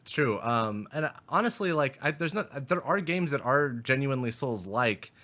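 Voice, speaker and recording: A man's voice: medium pitch, animated, moderate pace, pushed and bright. A young man co-hosting a podcast, talking casually and animatedly about video games, swearing often and restarting his sentences. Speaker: podcast co-host. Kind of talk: casual gaming chat.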